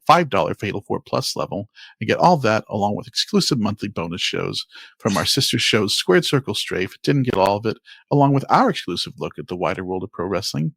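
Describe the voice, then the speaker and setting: Upbeat low gravelly male podcast host. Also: fairly bright tone, no room sound. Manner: upbeat, emphatic announcer-style delivery. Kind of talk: casual podcast chat and promo reads.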